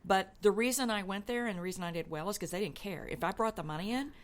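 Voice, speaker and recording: A woman in her sixties, a radio show guest telling animated stories about her career and acting out the people she quotes. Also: medium pitch, fast talker. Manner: animated storyteller, acts out quoted voices, laughs easily. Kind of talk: casual storytelling interview.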